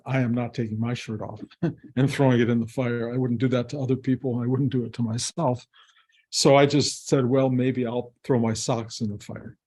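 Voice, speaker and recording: A man's voice: mid-range voice, mellow. A man, a spiritual teacher, telling a story to his community in a reflective, conversational way with wry, self-mocking humor.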